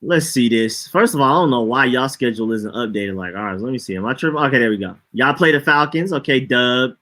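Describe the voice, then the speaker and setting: Relaxed slangy man chatting sports. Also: mid-range voice, brisk. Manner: relaxed, slangy, greets live chat viewers. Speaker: podcast co-host. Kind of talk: casual sports chat.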